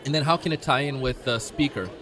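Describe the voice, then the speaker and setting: A man speaking as a guest in casual conversation, quick and loose with fillers. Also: medium pitch, fairly bright tone.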